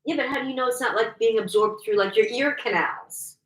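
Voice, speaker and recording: A woman's voice: on the high side, brisk. A woman co-hosting a casual chat, playful, with jokey asides. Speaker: podcast co-host. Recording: echoey room.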